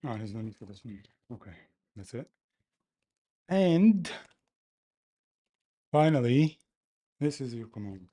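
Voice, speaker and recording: A man talking to himself as he codes, complaining loudly, then explaining each step casually. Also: fairly low pitch, fast, husky. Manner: exasperated, talks to himself while coding. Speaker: developer livestreaming his coding. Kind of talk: casual coding commentary.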